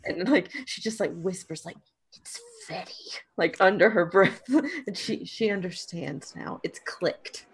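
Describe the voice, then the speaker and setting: A woman's voice: fairly low pitch, animated, unhurried, husky. A woman playing a tabletop game, laughing as she describes what her character does. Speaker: player. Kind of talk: tabletop role-play.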